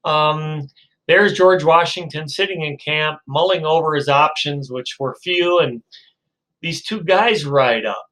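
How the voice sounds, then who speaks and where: A male professor giving a recorded lecture and telling a story. He speaks slowly and hesitantly, with many fillers, in a bright, slightly high voice. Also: rough recording.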